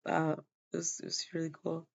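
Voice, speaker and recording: A woman tells a personal story in a loose, rambling way, stopping often on fillers and restarts. She is tired and yawning, and her voice is strongly gravelly with constant fry. The recording is dull and lo-fi. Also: low voice, completely flat delivery, fairly quick. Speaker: vlogger sharing a personal testimony.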